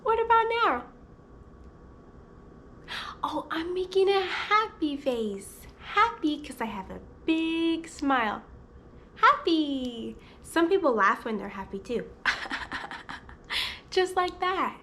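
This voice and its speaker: A woman's voice: high voice, big pitch swings, measured pace, hardly any pauses, fairly bright tone, a little hiss or hum. A woman who hosts videos as a speech therapist, teaching toddlers in an exaggerated sing-song voice with lots of gasps.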